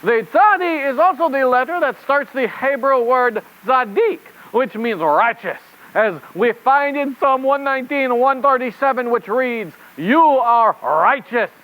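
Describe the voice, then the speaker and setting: A man's voice: extremely high pitch, expressive, measured pace, hardly any pauses, fairly bright tone, full character voice, low-quality recording. A man voicing a chirpy male rabbit reporter puppet in a children's puppet show, with a silly put-on French accent. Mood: cheery.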